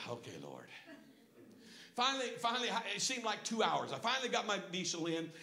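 High-voiced, bright preacher man in echoey church. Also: animated, quick pace, creaky. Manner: folksy storytelling preacher, swinging from hushed to shouting. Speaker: pastor. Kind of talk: sermon. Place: church sanctuary. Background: congregation calling out responses.

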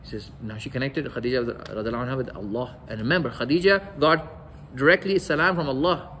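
A man's voice: medium pitch, fast, pushed and bright, a little hiss or hum, low-quality recording. A man giving a religious lecture, telling stories and acting out the quoted dialogue. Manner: storytelling, acts out quoted dialogue.

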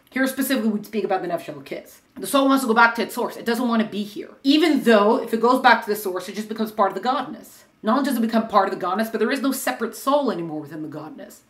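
A woman teaching a class on Jewish mysticism, talking conversationally and acting out questions in lively voices. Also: mid-range voice, roomy sound. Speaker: Torah teacher.

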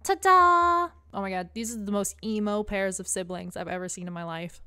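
A woman's voice: lowish voice, fairly even intonation, brisk, smooth. Giggly young woman gaming streamer. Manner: chatty, giggly, reading game text aloud. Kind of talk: let's play commentary.

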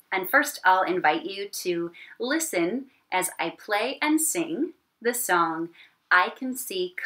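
A woman teaching an online elementary music class at her computer, talking slowly and gently and singing warm-ups. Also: fairly low pitch. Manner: gentle, encouraging, slow and clear, sings warm-ups. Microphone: computer mic. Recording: piano playing along.

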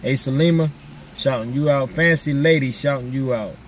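A man's voice: medium pitch, moderate pace, recorded from a distance. Laid-back man vlogger, casual slangy chat with viewers, a little off-mic, faint hum behind.

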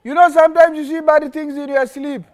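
A young man with a very high voice teaches children in a lively, animated way. He acts out scenes and keeps the kids answering with call-and-response questions. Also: a little fast. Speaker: children's religious teacher and host. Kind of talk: interactive children's lesson.

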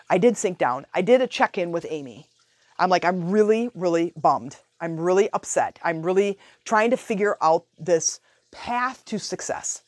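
A woman hosting a podcast, telling a personal story in a casual, animated way. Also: on the low side, dry recording, clean studio sound. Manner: animated, chatty, retells her own thoughts aloud. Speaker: podcast host.

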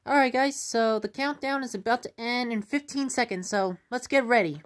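A woman performing a puppet comedy skit, excitable and prone to shouting. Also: on the high side, moderate pace.

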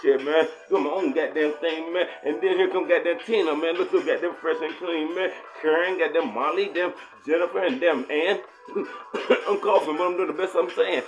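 A man's voice: a little high, normal speed, faint music behind. A man rambling through a profane freestyle rant over a beat, swearing at every turn and laughing through his lines. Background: faint instrumental beat.

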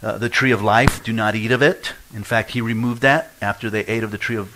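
Man preaching, lower voice. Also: steady tone, a little fast, pushed and bright, slight background noise, low-quality recording. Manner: storytelling, acts out quoted voices with laughs. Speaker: pastor. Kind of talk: sermon with personal testimony. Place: church.

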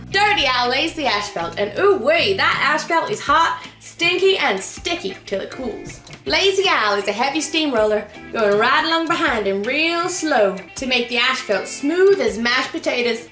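A woman's voice: very high-pitched, fairly even intonation, takes it slowly, long pauses, warm tone, roomy sound, soft background music, voice pushed up. A woman voicing a big, friendly male eighteen-wheeler truck with a folksy put-on drawl, reading a storybook aloud.

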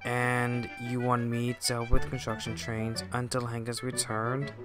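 A man voicing a gentle, nervous old male steam engine who stammers and apologizes, in a fan-made storybook reading. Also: mid-range voice, monotone, measured pace, music in the background, lightly acted.

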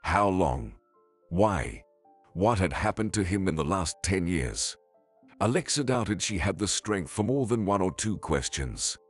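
A man narrating a scripted story in an expressive storytelling manner. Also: low voice, unhurried. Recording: faint background music.

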